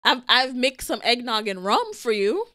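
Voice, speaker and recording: A young woman co-hosting a casual chat, telling animated stories, laughing often and acting out quotes. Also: fairly high pitch, normal speed, no echo, studio quality. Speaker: podcast co-host.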